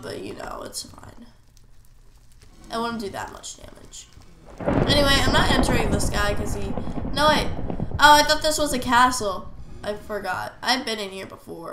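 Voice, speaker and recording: A woman with a blocked-up nose talks her way through a video game in a chatty, offhand commentary. Her voice sits a bit high, and the room rings with a roomy echo. Faint noise hangs under it. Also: sharp tone. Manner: chatty, talks to herself while playing. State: stuffed up from a cold. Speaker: gamer. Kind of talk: casual gameplay commentary.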